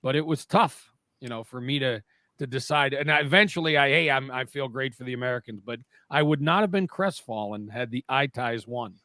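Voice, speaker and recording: Male radio regular, bright forceful voice, joking and teasing, dry studio sound. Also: medium pitch, fairly quick, no room sound. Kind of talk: casual studio banter. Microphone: studio microphone.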